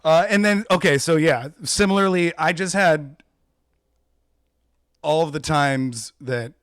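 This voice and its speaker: A man's voice: fairly high pitch, measured pace, fairly bright tone, clean tone, no echo, studio quality. A young man co-hosting a podcast in casual chat, animatedly retelling movie scenes and acting out lines. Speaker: podcast co-host.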